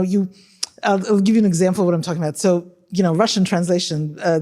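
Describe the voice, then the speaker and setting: Animated woman scholar on a panel. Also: fairly low pitch. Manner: animated, emphatic, frequent tag questions. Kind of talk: panel discussion.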